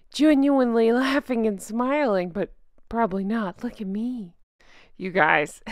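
A woman hosting a sarcastic, mocking first-person commentary, snarky with drawn-out catchphrases. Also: high voice, dry recording, clean studio sound. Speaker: commentary channel host.

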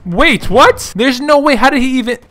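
A young man giving excited gameplay commentary, laughing, gasping and repeating himself as he plays. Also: extremely high pitch, moderate pace. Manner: excitable, laughs and gasps often, repeats phrases. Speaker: gaming YouTuber. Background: background music.

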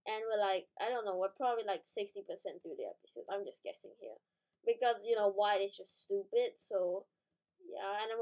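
A woman hosting a gaming channel rambles casually through her gameplay commentary in a medium-pitched, darkish voice, on a rough recording. She corrects herself as she thinks aloud and breaks into sudden startled outbursts.

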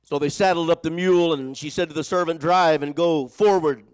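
A man preaching a sermon, telling a Bible story and calling on his congregation to answer, moving between loud exhortation and hushed storytelling. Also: fairly high pitch, fairly even intonation, a little fast, clear, resonant tone. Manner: preaching with call-and-response to the congregation; repeats words when starting phrases. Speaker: pastor.

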